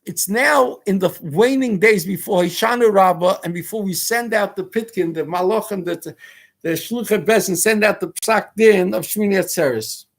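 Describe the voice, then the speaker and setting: A man with a notably high voice hosts a talk show, preaching his views in an emphatic monologue. He fires off rhetorical questions and peppers his speech with Hebrew and Yiddish terms. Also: moderate pace, creaky. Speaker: radio talk host. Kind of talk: political commentary monologue.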